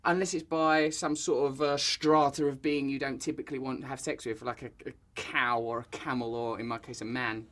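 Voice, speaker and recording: A man speaks in a measured, wry manner as he chats on a talk show. His voice sits at a middle pitch. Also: steady tone, a bit bright.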